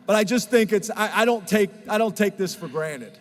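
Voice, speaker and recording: A middle-aged head football coach gives an earnest, emotional press conference speech. His voice sits high, and it rings out with a long reverb in the room. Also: fairly quick, slight background noise. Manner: emotional, earnest, choked up at times.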